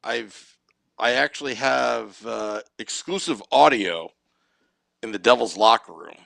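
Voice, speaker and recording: A man co-hosting a podcast, cutting in with dry, deadpan jokes during casual banter. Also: medium pitch, a little slow, vocal fry, no room sound. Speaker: podcast co-host.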